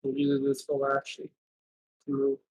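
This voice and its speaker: A man's voice: medium pitch, completely flat delivery, measured pace, darkish tone, rough recording. A man running a casual tabletop game as game master, easygoing and joking with his players.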